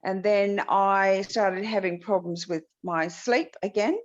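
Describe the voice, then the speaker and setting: A woman's voice: medium pitch, fairly even intonation, slow. Woman on a dull video call. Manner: reflective, candid. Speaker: workshop participant. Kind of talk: casual chat on a video call.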